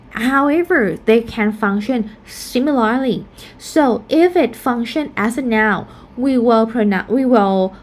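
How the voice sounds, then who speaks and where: Slow, careful woman teaching phonetics. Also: fairly high pitch, darkish tone. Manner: explanatory, repeats example words slowly. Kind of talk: casual recorded lesson.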